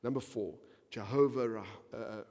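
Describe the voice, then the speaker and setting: A man preaching a sermon as pastor, reading scripture aloud and swinging from quiet, measured reading to loud, impassioned preaching. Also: mid-range voice, big-room sound.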